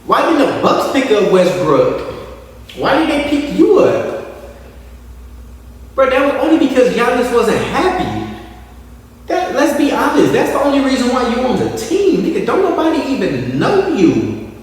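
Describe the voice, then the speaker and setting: A man hosting a casual sports podcast, animated and mocking, putting on voices of players and coaches. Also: very high voice. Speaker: podcast host. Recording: echoey room, voice from a distance.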